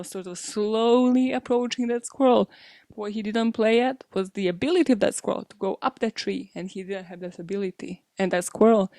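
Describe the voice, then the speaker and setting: A woman's voice: medium pitch, gravelly, darkish tone, no room sound, studio quality. A young woman hosting a podcast in casual chat, a bit tipsy, rambling, laughing often and swearing freely. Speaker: podcast host.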